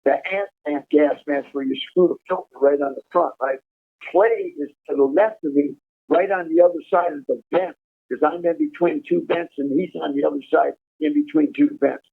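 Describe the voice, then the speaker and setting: A man telling a profane, animated prison story over a prison phone call. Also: fairly high pitch, moderate pace, gravelly. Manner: profane, animated storytelling, laughing at his own tale. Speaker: incarcerated caller telling prison stories. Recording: tinny phone line.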